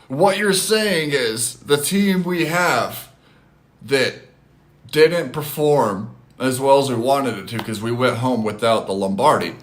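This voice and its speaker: A man hosting a casual live stream from his phone, talking with chat in an animated, loose way with casual swearing. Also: mid-range voice.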